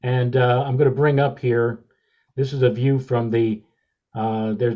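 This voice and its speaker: A man co-hosting a weather podcast, explaining a space image step by step in a measured way. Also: mid-range voice, warm tone, dull audio. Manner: measured, explanatory, with many uh fillers. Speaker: podcast co-host, meteorologist.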